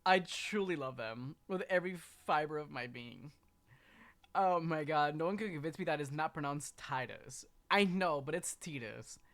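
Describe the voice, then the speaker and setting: Excitable streamer with a lively, bright voice. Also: mid-range voice. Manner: excitable and profane, swinging from mutters to squeals. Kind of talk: casual live-stream chat.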